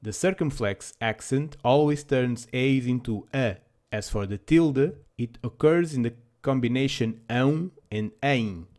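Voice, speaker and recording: A man's voice: medium pitch, a little slow, darkish tone. A man narrating a scripted language lesson with dry, self-deprecating humor. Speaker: language teacher.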